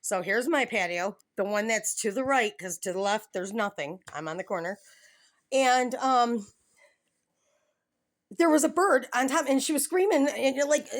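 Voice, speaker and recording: A woman's voice: fairly high pitch, expressive, moderate pace. Middle-aged woman, home phone vlog, rambling and giggly, drifts into tangents. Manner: meandering, giggly, chatty with tangents. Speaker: vlogger. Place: at home, indoors. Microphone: handheld phone camera filming the room, face off screen.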